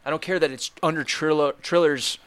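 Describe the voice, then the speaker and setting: A man's voice: a little high, steady tone, fairly quick, a bit bright, clean tone, no echo. A man co-hosting a podcast in casual chat, heated and emphatic, swearing freely. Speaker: podcast co-host.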